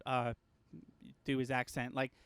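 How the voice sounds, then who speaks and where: A man's voice: medium pitch, completely flat delivery, a little slow, a bit bright, clean tone, no room sound. A young man co-hosting a casual film podcast, thoughtful and hedging, swearing casually as he lays out his ideas. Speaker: podcast co-host.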